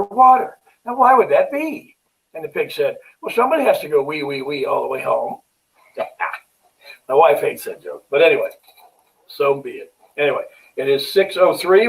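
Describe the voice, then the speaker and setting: Folksy middle-aged man pitching in a webinar. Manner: folksy and chatty, with frequent ums and restarts. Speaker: financial consultant. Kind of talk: webinar sales presentation. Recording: distant mic, slightly far-off.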